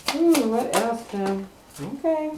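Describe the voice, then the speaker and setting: A woman's voice: on the high side, lively intonation, slow pace. A woman giving a casual tarot reading, chatty and teasing the cards, laughing often. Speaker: tarot card reader. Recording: echoey room, mic at a distance, faint noise.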